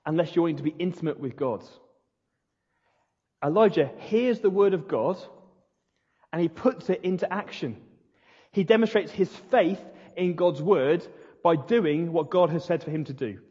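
A man's voice: a little high, moderate pace, pauses often, mellow, breathy edge. A male pastor preaching a sermon, retelling a story in an earnest, emphatic way. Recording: dull lo-fi recording in a reverberant hall.

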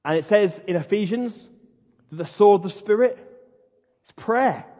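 A man preaches with fiery, emphatic passion, his voice pitched high and a little husky. He delivers a sermon as a pastor, leaning into dramatic pauses. The sound is dull and lo-fi, with long reverb from a large hall. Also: darkish tone.

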